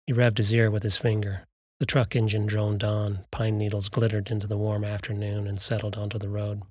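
A man narrating a story in a steady, even storytelling voice. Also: lowish voice, a little fast, slightly rough, dry recording, clean studio sound. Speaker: audiobook narrator. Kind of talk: scripted narration.

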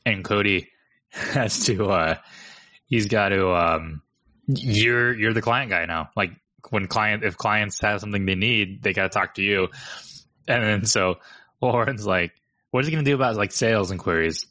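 A man co-hosting a podcast, telling animated stories, acting out quotes and laughing often. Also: on the low side, a little slow, no room sound. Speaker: agency co-owner and podcast host. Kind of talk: casual podcast chat.

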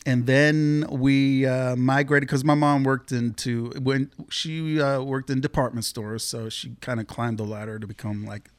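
A man's voice: mid-range voice, unhurried, hardly any pauses, no room sound. A man from the Pacific Northwest, a guest telling his life story in a rambling, casual way with many fillers. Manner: rambling, lots of fillers, animated when quoting others.

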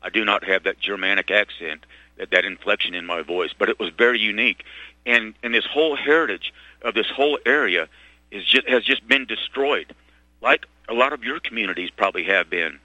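A middle-aged man rambling through a talk radio monologue, stopping and restarting his sentences with lots of fillers. His voice is on the low side but forceful and tense. The studio sound is close and dry. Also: dry recording, dull audio. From Texas. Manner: halting, full of restarts and fillers. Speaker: radio talk show host.

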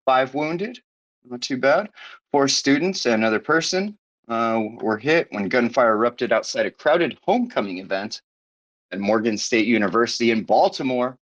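A man's voice: mid-range voice, animated, normal speed. A man hosting a podcast in casual chat, sarcastic and profane, riffing loosely as he reads news aloud. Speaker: podcast host. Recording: dull lo-fi podcast audio.

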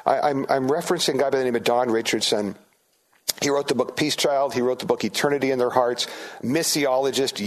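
Conversational middle-aged pastor preaching. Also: male voice, mid-range voice. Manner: conversational, animated, acts out disciples' voices. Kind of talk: sermon.

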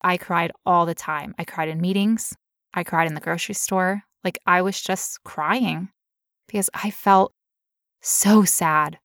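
A woman's voice: on the low side, steady tone, measured pace, a bit bright, dry recording, studio quality. A woman telling a personal story in casual chat, candid and emotional, now and then putting on playful voices.

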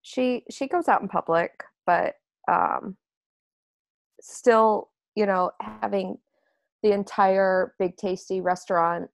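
A woman plays a shy woman whose head sits in a glass dome, speaking hesitantly with frequent ums. She talks slowly in a dry, close sound. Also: fairly low pitch, vocal fry, no room sound, exaggerated voice. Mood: uneasy. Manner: hesitant, many ums, giggly.

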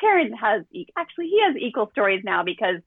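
A woman's voice: mid-range voice, fast, creaky, husky, dry recording. Middle-aged woman parenting coach, candid storyteller, dry thin phone-line sound. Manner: candid, animated, acts out quotes. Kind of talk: podcast conversation, storytelling.

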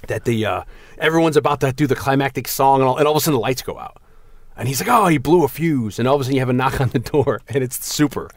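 A man chats on a podcast, spinning long rambling movie stories. His pitch sits in the middle and jumps up whenever he acts out a quote. The recording is close and dry, with no room around him. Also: very fast, no room sound. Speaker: podcast co-host. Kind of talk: casual chat about movies.

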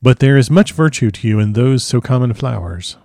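A man voicing an old foreign professor who speaks grave, broken formal English in a measured way. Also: medium pitch, lively intonation, gravelly, dark tone, dry recording, studio quality. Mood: gentle. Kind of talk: audiobook character reading.

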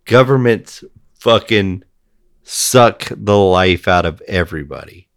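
A man's voice: on the low side, slow pace, fairly bright tone. A man in a heated conversation, talking bluntly and swearing freely as he rants. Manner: blunt, profane ranting.

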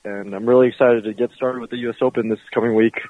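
A man's voice: medium pitch, steady tone, fast, no echo. A man, a professional bowler, chatting easily in an interview with many fillers, heard over a remote call. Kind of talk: casual interview answers. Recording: tinny phone-like line, dry.

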